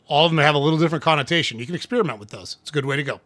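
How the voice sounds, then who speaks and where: A man hosting a casual tips talk, speaking conversationally, often checking in with "right?" and clearing his throat now and then. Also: on the high side, racing, hardly any pauses, a bit bright, dry recording, clean studio sound. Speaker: host.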